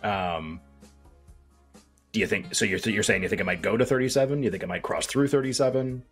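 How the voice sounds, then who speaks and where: A man co-hosting a sports betting podcast, talking in a measured, analytical way with hedging fillers. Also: on the low side, faint music behind. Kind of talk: casual chat.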